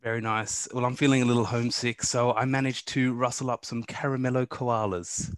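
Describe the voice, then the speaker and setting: A man hosting a professional podcast, with measured, formal presenter delivery. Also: mid-range voice, level tone, dry recording. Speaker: podcast host, corporate lawyer. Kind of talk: scripted podcast introduction.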